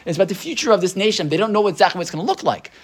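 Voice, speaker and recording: A man teaching an interactive Torah class. He talks in an animated way, mixes Hebrew terms into his English and keeps checking in with his listeners. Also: sits high, very fast, husky.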